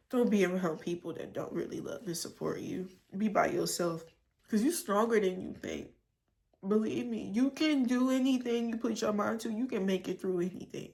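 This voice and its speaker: A young woman in her early twenties giving heartfelt, blunt life advice straight to the camera, tearful and emotional. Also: mid-range voice. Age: young adult. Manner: earnest, emotional, blunt with swearing. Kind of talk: heartfelt direct-to-camera talk.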